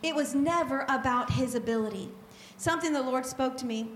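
Woman preacher, high voice, animated and conversational, in an echoey room. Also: a little hiss or hum. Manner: animated and conversational, with quick asides and repetition. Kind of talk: sermon.

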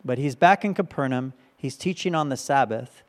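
A man's voice: medium pitch, normal speed. A male pastor giving a conversational sermon, often checking in with his listeners by asking "right?".

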